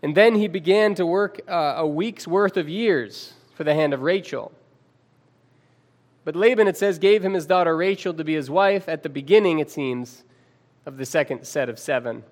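A male preacher giving a sermon, reading scripture aloud with dramatic pauses and calling his listeners friends. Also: a little high.

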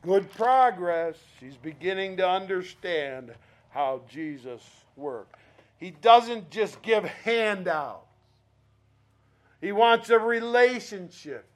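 A man preaching a sermon, telling a story and acting out the voices of the people in it. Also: sits high. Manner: animated storytelling, acting out voices, slow emphatic delivery. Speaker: pastor.

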